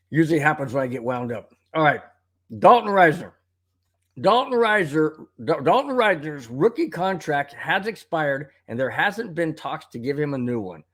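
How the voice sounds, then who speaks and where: A man's voice: a little high, fairly bright tone. A man hosting a live sports talk stream, ranting in a worked-up way, reading viewer comments aloud and coughing now and then from a tickle in his throat. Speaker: live show host.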